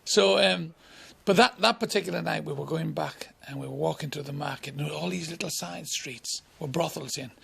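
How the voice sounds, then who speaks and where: A man's voice: fairly high pitch, moderate pace, creaky, fairly bright tone, slightly rough. A man, a comedian telling blunt, bawdy anecdotes in an interview. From England. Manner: blunt, bawdy, chuckling raconteur.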